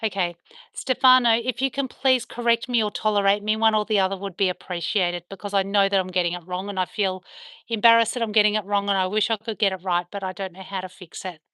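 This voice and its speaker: Bright-voiced Australian woman chatting on a livestream. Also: mid-range voice, fairly even intonation, fast talker, clean tone, no echo, studio quality. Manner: chatty, reads and answers viewer comments, soft baby talk to the dogs. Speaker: dog owner livestreaming with her dogs. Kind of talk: casual livestream chat with viewers. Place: at home on a veranda.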